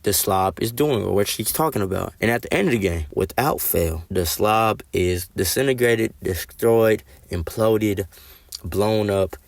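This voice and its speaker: A man's voice: on the low side, unhurried, creaky, dry recording. A man hosting a casual video review in a playful, jokey, rambling way. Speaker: video host. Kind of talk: casual reaction-style review.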